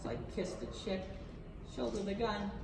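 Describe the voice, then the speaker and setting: A woman's voice: medium pitch, sing-song, normal speed, gravelly, distant mic. A woman playing a cocky foul-mouthed young guy. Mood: boastful. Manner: cocky, profane, swaggering storytelling. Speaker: stage actor. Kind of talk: live theatre monologue. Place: theatre stage. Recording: roomy theatre recording from afar, hiss.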